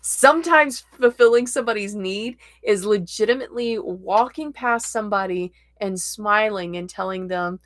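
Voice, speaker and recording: A woman hosting a casual tarot livestream, chatting in a slow, gently encouraging way and reading viewer comments aloud. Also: mid-range voice, no room sound.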